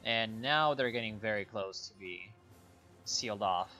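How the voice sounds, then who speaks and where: A man giving relaxed, low-key commentary while playing a strategy game, thinking aloud as he goes. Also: measured pace, faint music behind. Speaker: gameplay commentator. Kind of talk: casual let's play commentary.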